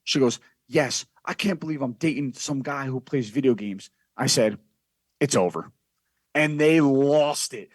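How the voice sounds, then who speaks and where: A man's voice: mid-range voice, measured pace, no echo. A man telling a brash, profane story as a guest on a casual podcast.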